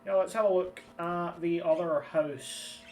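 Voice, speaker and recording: A man's voice: high voice, fairly even intonation, unhurried. Chatty guy streaming a game. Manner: chatty, rambling, swears casually. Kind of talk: casual gameplay commentary. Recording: slightly distant mic with game music.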